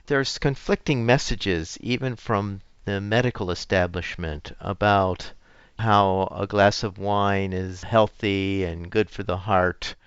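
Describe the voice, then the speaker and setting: Interviewer: man with a very deep, smooth voice, dry lo-fi recording. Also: steady tone, slow, a bit bright, no echo. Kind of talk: interview questions. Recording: dry, slightly dull lo-fi sound.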